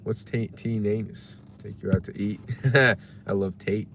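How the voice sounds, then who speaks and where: With a level tone and some vocal fry, a man with a somewhat low, slightly bright voice speaks unhurriedly on a livestream. He reads chat messages and muses casually from his parked car while waiting for delivery orders, with a slight hiss or hum present.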